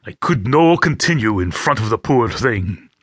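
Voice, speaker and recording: A man's voice: medium pitch, very animated, normal speed, breathy edge, no echo. A man reading a first-person audiobook with gritty, vivid storytelling, close to a studio mic. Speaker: audiobook narrator.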